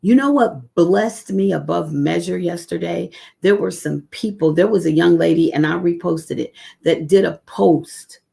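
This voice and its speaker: Low gravelly woman giving devotional testimony. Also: dark tone. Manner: earnest, personal, drawn-out emphatic phrases; emotional, close to tears. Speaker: devotional speaker. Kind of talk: live-streamed devotional testimony.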